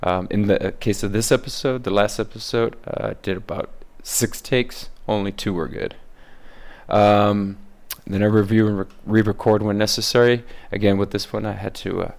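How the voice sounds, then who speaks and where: A man's voice: on the low side, steady tone, moderate pace, vocal fry, a little mellow. A man talking casually about how he makes his voice videos, hesitant with many fillers. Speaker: voice-impression creator. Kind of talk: casual behind-the-scenes commentary.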